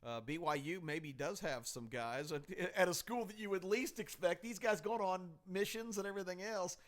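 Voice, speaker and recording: Casting: male sports podcast host, slightly high voice, keeps things moving. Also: moderate pace. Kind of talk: casual sports chat.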